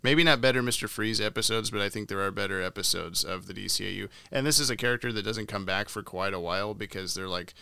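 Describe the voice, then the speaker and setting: A man's voice: fairly low pitch, fast, vocal fry, hardly any pauses, sharp tone, clean tone, no echo. A young man co-hosting a podcast, chatting casually and laughing often. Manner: laughs often, tries funny voices. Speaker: podcast co-host. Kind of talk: casual chat.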